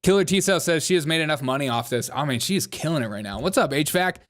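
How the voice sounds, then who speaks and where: A man's voice: on the high side, animated, fast talker, fairly bright tone. A man hosting a comedic commentary livestream, joking, laughing often and reading out the chat. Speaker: livestream host.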